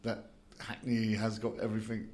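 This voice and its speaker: A man talking in a casual group conversation, relaxed and laughing easily, with plenty of loose fillers. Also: on the low side, moderate pace. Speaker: discussion participant.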